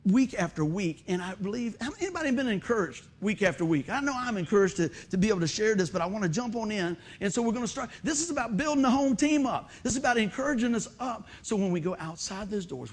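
High-voiced, animated pastor. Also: male voice, quick pace, hardly any pauses. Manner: animated storytelling, loud shouted bursts. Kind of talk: sermon. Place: church sanctuary.

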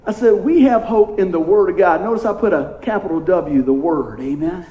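Pastor, man, high voice, chatty call-and-response preaching, roomy echo. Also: normal speed, highs cut off. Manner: playful, call-and-response preaching with frequent "amen?". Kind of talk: sermon.

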